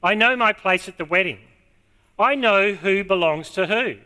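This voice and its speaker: Male preacher, high and bright, emphatic sermon delivery. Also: smooth. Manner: emphatic, repeating key words slowly. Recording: long hall reverb.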